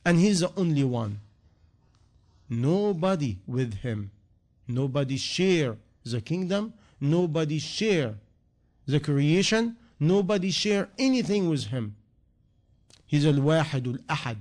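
A man's voice: a little high, animated, slow pace, a little mellow. Earnest preaching man. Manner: earnest, repetitive rhetorical questions, non-native grammar. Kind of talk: sermon.

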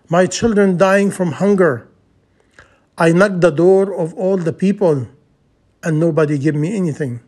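A man's voice: on the high side, a little mellow, slightly rough. A man voicing a poor, desperate mother of five, speaking earnestly in broken English.

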